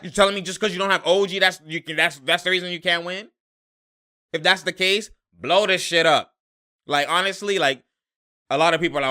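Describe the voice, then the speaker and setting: A young man reacting live to a basketball game, exasperated and slangy, laughing and shouting at the plays. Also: high voice. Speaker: sports commentator reacting to a game.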